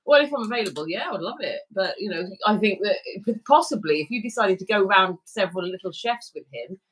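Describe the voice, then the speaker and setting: A woman's voice: mid-range voice, animated, husky. A woman co-hosting a casual live stream, bubbly and playful, chatting with viewers and friends. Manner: bubbly, playful, quick to laugh. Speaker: livestream co-host.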